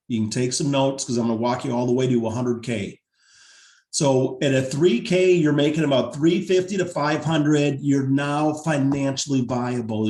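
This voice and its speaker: A man leading a team video call, pitching a pay plan in an upbeat, salesy way and going over the numbers more than once, his voice wearing thin. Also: darkish tone, echoey room. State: losing his voice.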